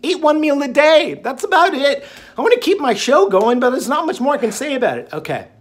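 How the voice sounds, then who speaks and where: A man's voice: very high-pitched, big pitch swings, brisk. A man hosting his own diet channel, talking in a jokey, rambling way full of fillers and asides. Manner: jokey, digressive, lots of fillers. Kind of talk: casual rambling monologue.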